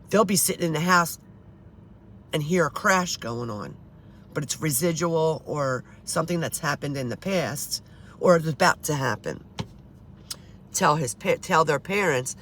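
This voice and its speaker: Her low-pitched voice carries a rambling, informal monologue to camera as this woman in her fifties, a paranormal vlogger, gets frustrated with her viewers, cursing and often beginning sentences again. A little hiss or hum is audible.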